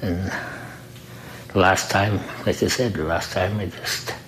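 A man who works the front desk at a recovery program, telling his own story in an earnest, halting way and often repeating himself. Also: sits low, fairly even intonation, fairly bright tone, slight background noise, rough recording. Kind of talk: personal testimony in an interview.

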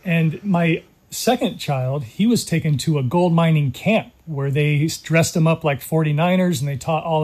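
A middle-aged man from California, telling his story in an earnest, measured way as an interview guest. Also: on the high side, darkish tone. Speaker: guest, documentary creator. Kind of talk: interview conversation.

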